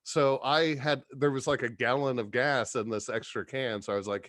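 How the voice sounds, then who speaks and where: A man's voice: medium pitch, steady tone, moderate pace, few pauses, fairly bright tone, no echo, clean studio sound. A middle-aged man telling rambling, profane stories in casual chat, often laughing as he talks. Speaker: podcast guest.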